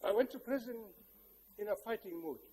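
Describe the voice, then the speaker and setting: An older South African man addresses a large hall, his fairly high voice mellow and warm rather than bright. He tells his story in a measured, reflective way with touches of wry humor. His words ring out with a long hall reverb behind them. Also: expressive, breathy edge. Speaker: guest speaker. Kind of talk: public speech with personal storytelling.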